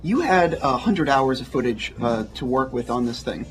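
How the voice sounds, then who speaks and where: A man's voice: mid-range voice, lively intonation, moderate pace, over music, rough recording. A man interviewing a film director, asking curious, casual questions.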